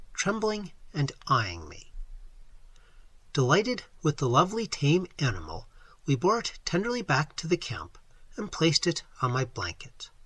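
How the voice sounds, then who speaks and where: A man's voice: on the high side, bright, forceful tone, slightly rough, no room sound. A man reading a story aloud as audiobook narrator, telling it expressively. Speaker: audiobook reader. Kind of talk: scripted narration.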